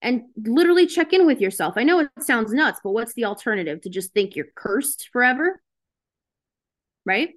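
A woman's voice: a little high, animated, moderate pace. A woman giving a casual motivational talk to her group over a video call, speaking frankly and chattily with lots of fillers. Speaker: host of a self-help session.

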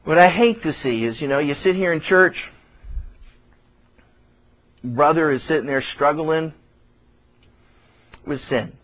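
Male pastor, high voice, animated sermon delivery, acts out quoted voices. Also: slow, long pauses, rough recording. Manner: repeats phrases for emphasis.

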